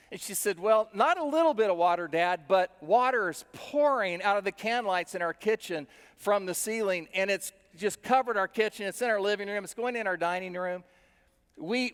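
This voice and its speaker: A middle-aged male pastor preaches through homely, self-deprecating stories, talking to the congregation as if chatting. His voice sits high for a man and comes across smooth and resonant. The sound rings out with the long reverb of a large hall. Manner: conversational storytelling, self-deprecating. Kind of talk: sermon with personal stories.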